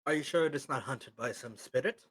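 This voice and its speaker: A wise old samurai , put on by a man running the game, speaks slowly and gravely. The voice stays at an ordinary middle pitch. Each word comes out calm and measured.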